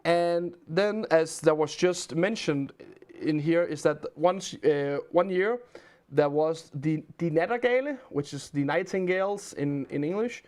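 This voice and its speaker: A man's voice: on the high side, measured pace, a little mellow. A man from Denmark with a Danish accent, a livestream host telling rambling stories and answering chat questions in casual chat.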